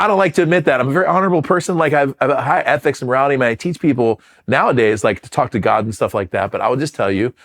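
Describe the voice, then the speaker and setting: Fast-talking man telling a candid story. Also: mid-range voice. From Philadelphia, USA. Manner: candid, self-deprecating, uses fillers and restarts. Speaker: former Marine fighter pilot, guest. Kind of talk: storytelling interview.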